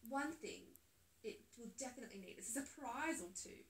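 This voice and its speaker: A woman reading aloud and voicing a polished, smooth-talking male professor in a storybook. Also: on the high side, animated, a little fast. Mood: knowing. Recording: echoey room, phone held away.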